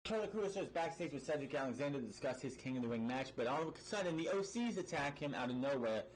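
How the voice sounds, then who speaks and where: In a rapid, casual recap, a wrestling show reviewer bluntly and sarcastically runs through an episode, swearing freely, using fillers and restarting sentences often. His mid-range voice is expressive, but the poor audio carries a little hiss or hum.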